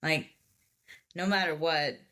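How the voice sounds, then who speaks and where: A woman's voice: deep voice, slow pace. A young adult woman, a podcast guest, telling a story in casual chat and acting out the people she quotes. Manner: animated storytelling, acts out quoted voices.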